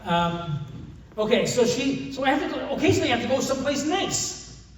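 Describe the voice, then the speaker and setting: An older man gives a retreat talk in a high-pitched voice, telling stories with jokes and many self-corrections. He sounds far from the mic, and his voice rings through a very echoey hall. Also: sing-song, fairly quick, slight background noise. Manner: humorous storytelling with many restarts. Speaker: conference speaker. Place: retreat meeting room. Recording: distant, very echoey room mic.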